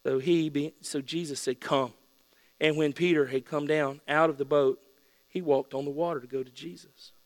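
A man preaching a sermon with playful storytelling that builds into excited shouts. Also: on the high side, moderate pace. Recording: long hall reverb with mains hum.

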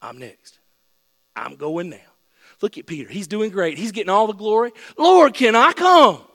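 A man's voice: high voice, lively intonation, moderate pace, fairly bright tone. A man voicing an eager adult male apostle who pleads to take his turn. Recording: long hall reverb.

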